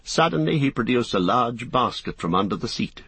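A man narrating a fantasy novel as a scripted audiobook, in a measured, even storytelling manner. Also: mid-range voice, breathy edge, dry recording.

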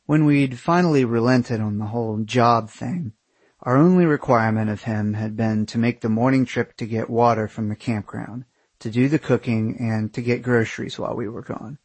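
Husky man narrating a memoir. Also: medium pitch, moderate pace, no room sound. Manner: wry, candid, casual swearing. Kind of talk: first-person memoir narration.

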